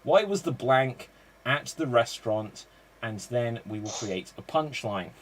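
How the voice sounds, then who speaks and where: A man hosting a live streamed improv show, brisk and jokey as he runs the games. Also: medium pitch, expressive, background noise.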